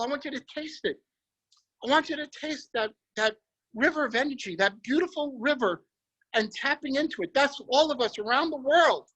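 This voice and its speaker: A man leading a guided visualization on a group video call, energetic and emphatic, repeating his phrases. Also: very high voice, rough recording. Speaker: motivational speaker.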